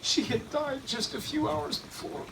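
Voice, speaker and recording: A man retelling a story in the first person as an eyewitness, halting at times and repeating words. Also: extremely high pitch, fairly even intonation, vocal fry, background noise. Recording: distant mic, faint room ambience.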